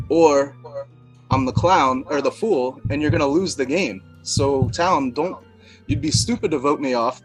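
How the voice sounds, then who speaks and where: A man's voice: fairly high pitch, rough recording. A man playing a party game, joking around and making a dramatic mock plea to the group. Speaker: player. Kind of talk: casual game banter and pleading.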